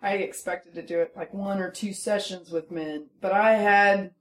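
A woman's voice: mid-range voice, fairly even intonation, normal speed. A woman in a casual group chat, telling stories animatedly and laughing often. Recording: roomy echoey room.

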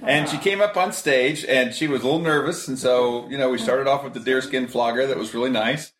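A man's voice: mid-range voice, brisk, a bit bright. A man in a casual group chat, telling stories and often chuckling. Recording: roomy echoey room.

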